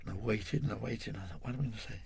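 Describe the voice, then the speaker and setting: An older Englishman recounting an old story to an interviewer, wandering and correcting himself as he goes. His voice is gravelly and slightly husky. The sound is close and dry. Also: fairly low pitch, racing, no room sound. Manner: rambling, self-correcting, chuckling storyteller. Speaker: guest.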